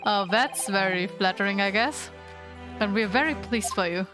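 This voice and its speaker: A woman's voice: mid-range voice, normal speed, over music, close to an everyday voice. A woman reading a game aloud, voicing an earnest, bewildered young male lawyer in plain, puzzled questions.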